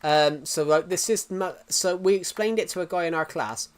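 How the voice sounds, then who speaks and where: A man's voice: high voice, normal speed. A young British man streaming live, chatting casually with viewers in a rambling way, full of restarts and fillers. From United Kingdom.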